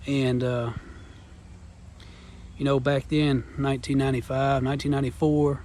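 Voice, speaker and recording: A vlogger in his thirties shares a heartfelt personal testimony, speaking earnestly and rambling with Southern-style phrasing. His voice is medium-pitched and darkish, delivered flatly at a normal pace over slight background noise.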